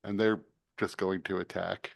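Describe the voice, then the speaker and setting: A man running a tabletop game as game master, narrating scenes and giving calm, matter-of-fact rulings. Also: low-pitched, normal speed, creaky, no echo.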